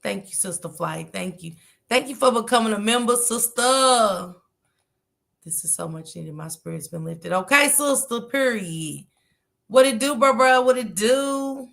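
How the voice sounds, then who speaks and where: A woman's voice: on the high side, lively intonation, measured pace, gravelly, a bit bright. A woman hosting a casual livestream, chatting and greeting viewers by name in a slangy, chatty manner. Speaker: livestream host.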